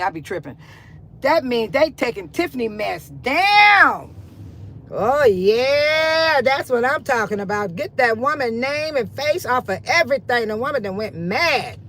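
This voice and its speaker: A woman's voice: a little high, poor audio. Woman, casual local vlog, repeats herself, bursts of exclamation, phone mic outdoors, faint traffic behind. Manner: chatty, repeats herself, sudden loud exclamations. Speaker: local vlogger. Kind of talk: casual walking-tour vlog. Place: driving, then walking outdoors in a park.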